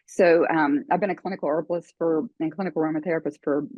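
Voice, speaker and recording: An older woman as an interview guest, telling her story earnestly, with many fillers and pauses. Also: sits low, fairly even intonation, no echo, lo-fi sound. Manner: earnest, emotional, halting with fillers.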